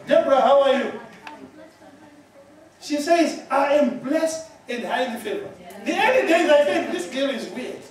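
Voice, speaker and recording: A man from Zimbabwe delivers a sermon in an unusually high voice, rising into shouts and breaking into laughter as he checks in with listeners. The sound rings through a very reverberant church hall, picked up from some distance away. His style is emphatic and lively. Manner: emphatic, often shouting, with laughter and repeated "yeah?". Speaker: preacher.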